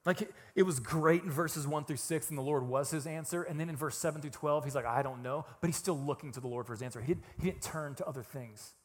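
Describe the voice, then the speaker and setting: A man preaching a sermon in a casual, emphatic way, swinging from hushed reflection to loud, raised passages. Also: a little high, fast, hardly any pauses, breathy edge, long reverb tail. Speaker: pastor.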